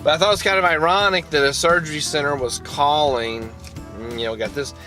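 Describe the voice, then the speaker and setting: A man with a mild Southern US accent talks through a casual vlog, rambling and restarting his sentences. His voice sits mid-pitch but sounds bright and forceful, with faint music underneath. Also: fairly even intonation, fairly quick. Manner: rambling, with frequent restarts and repeated words. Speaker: vlogger. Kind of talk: casual storytelling and phone call.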